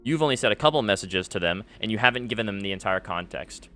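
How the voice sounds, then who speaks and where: Guy ranting at his viewers about some beef, bright crisp voice, lots of ums. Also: fairly low pitch, lively intonation, fast, hardly any pauses, faint music behind. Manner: aggrieved, ranting, many fillers. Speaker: gaming YouTuber. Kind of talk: commentary to camera. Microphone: face cam setup.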